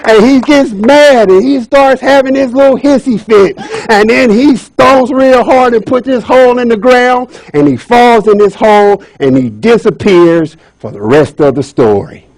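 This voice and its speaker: A man's voice: extremely high pitch, unhurried, hardly any pauses, no room sound, low-quality recording. A man giving a playful comic retelling of a fairy tale as a speech at a speaking club. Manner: animated, playful storyteller.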